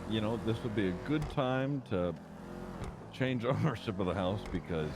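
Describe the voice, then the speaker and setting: A man's voice: on the low side, lively intonation, normal speed, noisy background. A man talking in character during a roleplay, earnest and hesitant, often stumbling and restarting.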